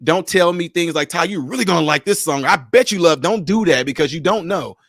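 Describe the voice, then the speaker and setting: A man hosting a livestream, telling stories in a lively, casual way and laughing often. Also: fairly high pitch, a little fast, dry recording, clean studio sound. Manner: animated storyteller, laughs often. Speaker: livestream host.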